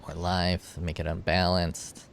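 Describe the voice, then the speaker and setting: Low gravelly dude talking through his game, offhand, cusses a lot. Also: flat delivery, measured pace, a little hiss or hum. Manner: offhand, swears freely, thinks aloud. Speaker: gameplay streamer. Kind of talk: casual gameplay commentary.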